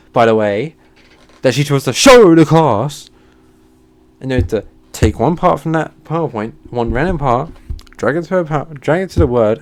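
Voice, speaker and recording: Heated ranting man, swearing. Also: medium pitch. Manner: heated and swearing, flaring into shouts then sighing. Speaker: channel host. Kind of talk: ranting storytime monologue.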